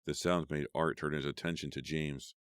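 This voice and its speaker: A man narrating a horror audiobook in a steady, measured storytelling voice. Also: very deep voice, smooth, no echo, studio quality.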